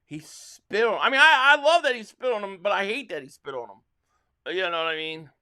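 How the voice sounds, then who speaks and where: A man's voice: high-pitched, expressive, normal speed, bright, forceful tone, clear, resonant tone. A man hosting a live football reaction stream, rambling with frustration and reading out viewer messages. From Philadelphia area. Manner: frustrated, rambling fan talk reading super chats. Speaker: livestream reaction host.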